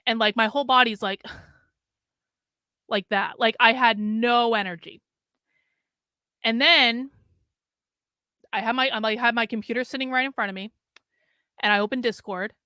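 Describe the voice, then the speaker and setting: A woman's voice: a little high, smooth, no echo, studio quality. A woman hosting a podcast, telling a rambling story in casual talk, swearing often and filling her sentences with "like". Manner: profane, rambling, heavy use of filler "like"; animated retelling with quoted inner thoughts. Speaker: podcast host.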